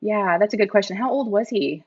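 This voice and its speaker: A woman hosting a crafting livestream and talking casually. She keeps greeting her viewers by name. Her voice sits at a middle pitch and sounds a little muffled. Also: a little fast, a little mellow, husky. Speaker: livestream host. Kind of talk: casual chat.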